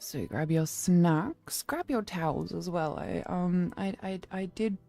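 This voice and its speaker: A woman hosting a relaxed late-night chat stream, talking playfully, flirtatiously and theatrically in a demon-queen persona, close to the microphone. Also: fairly low pitch, slow pace, gravelly. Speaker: streamer hosting her own channel. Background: faint background music.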